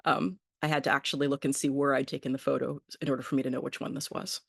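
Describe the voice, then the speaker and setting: A woman's voice: extremely low pitch, level tone, quick pace, creaky, husky, dry recording, studio quality. A woman teaching an online botany class, friendly, with many ums and small laughs.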